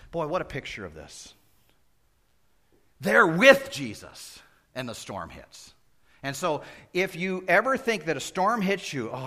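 Lively, bright-voiced male pastor preaching. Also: mid-range voice. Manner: animated, swings from loud exclamations to hushed asides. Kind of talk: sermon.

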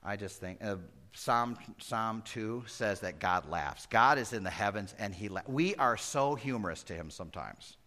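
Male pastor, bright clear voice, animated, loud then hushed, conversational Bible teaching. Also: on the low side, normal speed, few pauses. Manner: acts out Bible characters conversationally. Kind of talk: expository sermon.

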